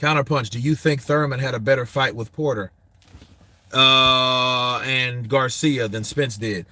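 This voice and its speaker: A man hosting a boxing talk show, answering viewers in a casual, animated, profane way, and laughing often. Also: mid-range voice, a little slow, no room sound.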